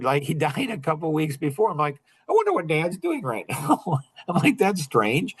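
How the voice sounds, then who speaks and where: Rambling man in his sixties, slightly high voice. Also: very animated, fairly bright tone, husky. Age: 60s. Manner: rambling, self-interrupting, with quick laughs. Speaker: podcast guest. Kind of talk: casual storytelling.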